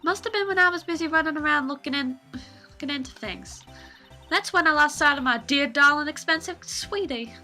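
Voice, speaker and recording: A woman's voice: sits high, big pitch swings, brisk, sharp tone, faint music behind, pitched above the performer's own voice, full character voice. Woman doing a brash country-drawl photographer. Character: loud folksy young female photographer.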